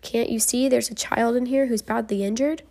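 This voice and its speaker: A woman's voice: a little high, steady tone, normal speed, creaky, a little mellow. A woman voicing a firm, commanding mother who takes charge in a crisis.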